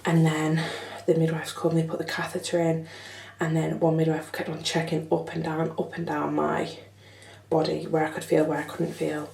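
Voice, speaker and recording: A woman's voice: low voice, completely flat delivery, normal speed, creaky, a little mellow, a little hiss or hum. A young woman telling her story in a chatty, frank vlog, swearing casually. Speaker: vlogger. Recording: echoey room, slightly far from mic.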